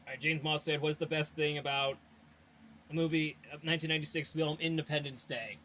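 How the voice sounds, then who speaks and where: Young guy doing a q&a, kinda high voice, rambly and blunt, bit out of breath. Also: fairly even intonation, quick pace, pushed and bright, a little hiss or hum. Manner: rambling, repeats himself, blunt opinions. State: a little out of breath. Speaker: host of a fan Q&A channel. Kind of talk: casual Q&A reading viewer questions.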